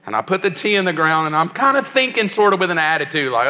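A man's voice: high-pitched, very animated, fast, pushed and bright. A man in his sixties preaching a sermon to young people, telling a personal story with emotion and acting out the voices of others. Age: 60s. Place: large church hall. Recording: long church hall reverb.

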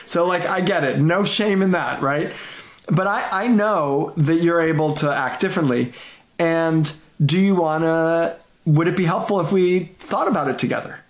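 A middle-aged man, a guest consultant, telling stories in a lively conversational way, acting out quotes and laughing often. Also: on the high side, moderate pace, reverberant. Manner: animated, repeats and restarts, laughs often, acts out quotes. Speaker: guest, management consultant and author. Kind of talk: conversational interview storytelling.

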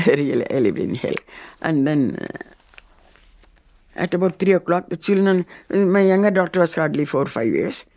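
An older woman with an Indian English accent, telling a personal testimony in a lively storytelling manner and acting out others' words. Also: fairly low pitch, normal speed, pauses often. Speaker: devotee sharing a testimony.

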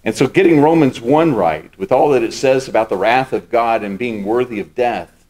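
A man's voice: mid-range voice, normal speed, darkish tone. A man preaching a sermon as pastor. He explains scripture step by step and repeats key words for emphasis.

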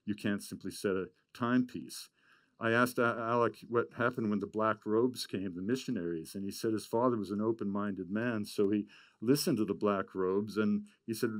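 A man giving a storytelling talk, animated and full of stammered restarts. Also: on the low side, moderate pace, no room sound. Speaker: speaker.

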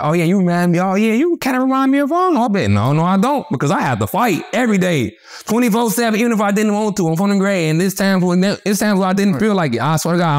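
A man being interviewed, telling stories in rapid, animated, profane street talk full of restarts. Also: high-pitched. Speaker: interview guest. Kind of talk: casual storytelling interview.

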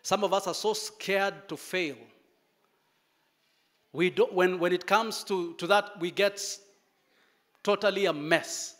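A man preaching a sermon, telling a story with dramatic pauses and lively emphasis. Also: high-pitched.

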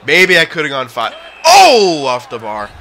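A young man giving excited commentary over his own gameplay, shouting at plays and muttering between them. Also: fairly high pitch, unhurried, vocal fry, slight background noise. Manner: yells and groans at the game, then mutters to himself. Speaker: gaming commentator.

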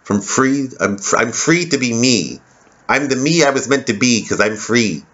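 A man's voice: medium pitch, lively intonation, normal speed, fairly bright tone. A male comedian delivering a rambling, sardonic monologue, cursing freely and drifting from topic to topic. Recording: dull lo-fi recording.

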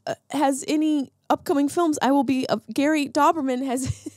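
A woman's voice: high-pitched, steady tone, normal speed, a little mellow, no room sound, clean studio sound. A woman hosting a podcast, ranting with sarcastic comedic flair in a casual monologue. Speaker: podcast host.

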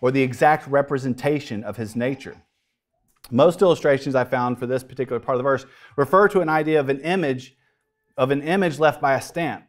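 A pastor preaching a sermon in a dramatic storytelling way, with casual, joking asides. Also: male voice, medium pitch.

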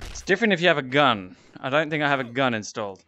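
A man giving excitable VR gameplay commentary, gasping and exclaiming as he plays into a headset mic. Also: mid-range voice, fast, background noise. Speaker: gaming YouTuber.

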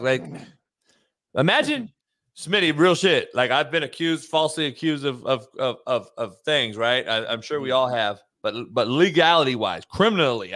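A man hosting a talk show, ranting in a profane, animated, rambling way. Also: medium pitch, no room sound. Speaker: host. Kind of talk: casual chat.

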